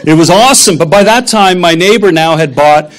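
A man's voice: on the high side, a little fast. A middle-aged man, a pastor, preaching a sermon in a conversational, humorous storytelling manner.

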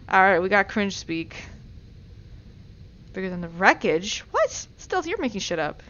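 A woman live-streaming a game, chatting playfully with her chat and breaking into loud, excited outbursts. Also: mid-range voice, unhurried, pauses often, highs cut off.

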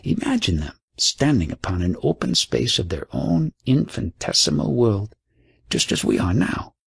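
A man reads an audiobook in a measured storytelling voice. It is low, gravelly and very husky, and it moves lively across its range. The recording is close and dry. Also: no room sound. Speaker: audiobook narrator. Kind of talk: audiobook reading.

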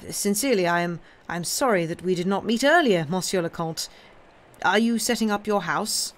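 A woman's voice: medium pitch, normal speed, pitched above the performer's own voice, lightly acted. A woman reading aloud, voicing a flustered middle-aged male banker who stammers and placates. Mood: ingratiating.

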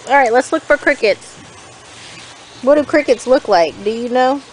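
A woman's voice: high voice, normal speed, a little hiss or hum, rough recording. A young woman and mother, filming a casual family vlog outdoors and coaxing her small children in a playful way. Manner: animated, playful, coaxing talk to small kids. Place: outdoors in a grassy backyard.

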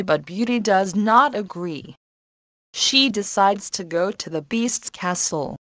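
Slow, measured woman narrator. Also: medium pitch, expressive, a bit bright, no echo. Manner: clear, measured reading. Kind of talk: slow storybook narration for learners.

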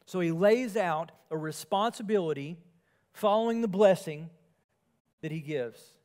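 A male pastor preaching an earnest sermon, moving between emphatic and quiet passages. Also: high-pitched, a little slow.

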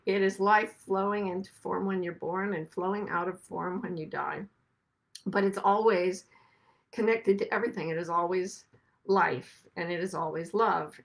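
A woman's voice: mid-range voice, gravelly, poor audio. A woman hosting a podcast, giving a reflective spiritual talk in an earnest, emotional way, close to tears. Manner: earnest, emotional, softly repetitive. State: tearful, on the verge of crying. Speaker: podcast host.

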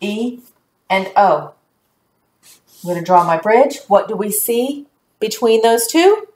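Woman teacher, slow and clear, roomy sound. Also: mid-range voice, lively intonation, a little mellow. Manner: slow, clear, encouraging teacher talk to young children. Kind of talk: recorded phonics lesson.

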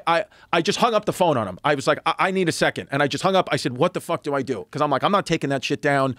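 A man in his thirties, a comedian and podcast guest, telling a story in casual chat, animated and profane, acting out other people's lines as he goes. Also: on the high side, fast, hardly any pauses, no room sound, studio quality. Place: podcast studio.

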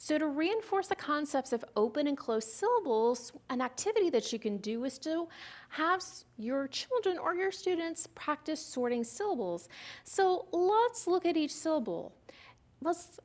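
A woman's voice: sits high, sing-song, normal speed. A woman giving a recorded lecture on syllables and phonics, explaining step by step and asking the listener questions. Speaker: literacy presenter.

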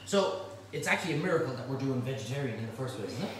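A man's voice: medium pitch, expressive, very fast, heavy reverb, recorded from a distance, a little hiss or hum, rough recording. A man hosting a casual cooking demonstration, chatty and jokey as he cooks and talks to his helpers in a home kitchen. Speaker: cooking show host.

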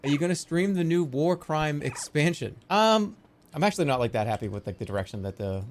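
A man live-streaming, rambling excitedly and swearing freely in casual chat. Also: fairly high pitch, a little fast.

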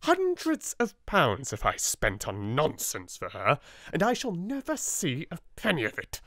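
A hard-hearted British schoolmistress, raised in pitch, clipped and bitterly commanding, as a male narrator plays her. The storybook voice stays slow and dry, close to the mic. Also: wildly swooping pitch, fairly bright tone, no room sound, full character voice. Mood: fierce. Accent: British English. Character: harsh, fierce middle-aged schoolmistress. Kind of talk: soft-spoken audiobook reading.

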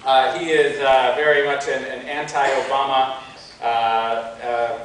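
Halting American man in an echoey hall. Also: medium pitch, level tone, fairly bright tone, a little hiss or hum. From United States. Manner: halting, many fillers and restarts. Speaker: conference speaker. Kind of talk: live conference talk. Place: large conference hall. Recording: echoey hall, mic from a distance.

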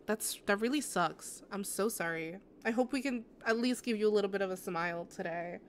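A woman streaming a game talks casually and sympathetically to her chat, rambling with lots of restarts and fillers. Her pitch sits in an ordinary middle range. A faint noise hangs under her voice. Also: fairly quick. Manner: sympathetic, answers chat messages. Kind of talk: casual live-stream chat while gaming.

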